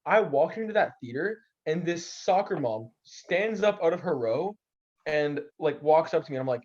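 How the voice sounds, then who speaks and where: This podcast guest is a young man who speaks at a normal pace in a higher-leaning voice, animatedly spinning stories and imitating the voices of anyone he quotes. It's casual chat, captured in slightly dull lo-fi sound.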